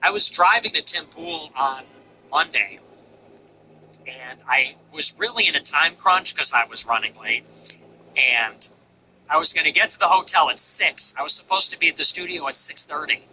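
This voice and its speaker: A man's voice: fairly high pitch, lively intonation, normal speed, pushed and bright, slight background noise, low-quality recording. A man hosting a livestream, chatting bluntly and telling brash stories. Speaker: livestream host. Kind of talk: livestream chat.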